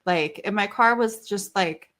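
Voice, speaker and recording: A woman in her thirties, a podcast co-host, tells a story in easy, chatty talk. She is animated and rambling, drops filler words and swears without a second thought. Her pitch sits in an ordinary middle range. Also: a little slow. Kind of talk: casual storytelling chat.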